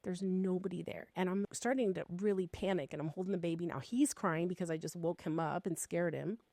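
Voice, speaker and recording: A woman in her fifties with a low, gravelly voice, telling a personal ghost story in a lively podcast chat. She swears freely and gets animated as the story builds. The sound is dry and close. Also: a little fast, dry recording. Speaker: podcast co-host.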